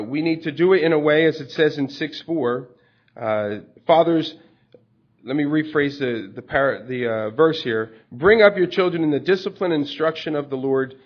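A man's voice: on the high side, breathy edge. Conversational male preacher, lo-fi recording. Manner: conversational, explains scripture with everyday stories. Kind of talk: sermon. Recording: dull lo-fi recording.

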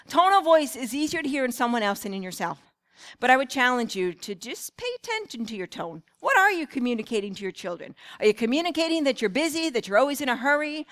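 A woman's voice: high voice, fairly bright tone. A middle-aged woman speaking earnestly at a parenting seminar, telling stories from family life. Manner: earnest, storytelling.

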